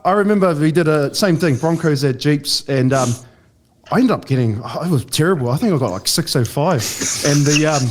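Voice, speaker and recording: Man with a fairly high voice, chatting. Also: expressive, slight background noise. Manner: laughing, quick agreeing interjections. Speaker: podcast co-host, former rugby player. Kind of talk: casual chat.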